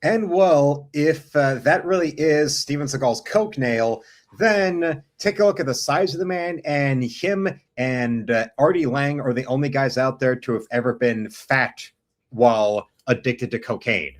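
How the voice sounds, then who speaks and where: A man's voice: mid-range voice, a little slow. Man joking and reading a review aloud. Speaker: host of an art stream. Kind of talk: casual stream commentary and reading aloud.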